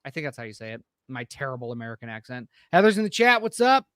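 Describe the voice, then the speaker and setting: A man's voice: fairly high pitch, animated, fast talker, few pauses, fairly bright tone, clean tone, no room sound, studio quality. A man co-hosting a casual live-stream podcast, upbeat as he greets viewers in the chat by name. He rambles with fillers and restarts along the way. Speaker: podcast co-host.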